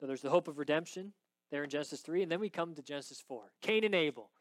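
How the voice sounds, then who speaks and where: Dramatic high-voiced male preacher. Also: fast talker, no echo. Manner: dramatic, swings from hushed to loud. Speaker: pastor. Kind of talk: sermon.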